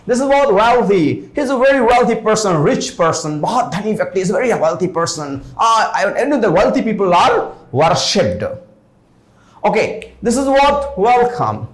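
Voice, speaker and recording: A man's voice: high-pitched, a little fast, roomy sound. A man with an Indian English accent teaching spoken English, drilling words through repeated example sentences and switching into Hindi now and then. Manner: repetitive, animated drilling, mixing in Hindi.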